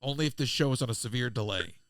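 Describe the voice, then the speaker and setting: A man, co-hosting a podcast and telling a funny travel story in casual chat, slipping into quick voices of people he met. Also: mid-range voice, expressive, vocal fry, a bit bright. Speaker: podcast co-host.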